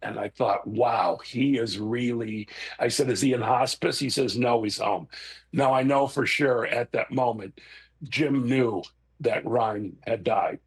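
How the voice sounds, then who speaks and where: A man's voice: mid-range voice, measured pace, slightly rough. A middle-aged man, a guest sharing an emotional remembrance in casual chat. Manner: emotional, expressive, tearful at times.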